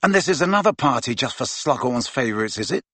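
A man's voice: mid-range voice, lively intonation, quick pace, a bit bright, no echo. Man voicing a sulky, sneering teenage boy.

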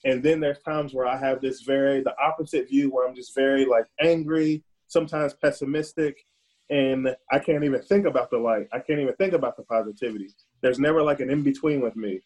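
A man's voice: medium pitch, steady tone, fairly quick, darkish tone, slightly rough, poor audio. A man speaking earnestly and emphatically as a guest in a casual discussion, often repeating words as he thinks.

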